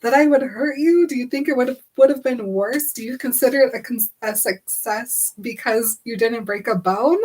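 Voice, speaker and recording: A woman's voice: fairly high pitch, normal speed, hardly any pauses, darkish tone, husky, voice pushed up. A woman reading as a guilt-ridden young man. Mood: anxious. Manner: mournful, self-reproaching.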